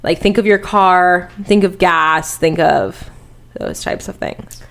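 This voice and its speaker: Rambling crude podcast woman, lowish voice. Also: steady tone, slow, gravelly. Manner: rambling, crude, chatty storytelling. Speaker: podcast co-host. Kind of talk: casual chat.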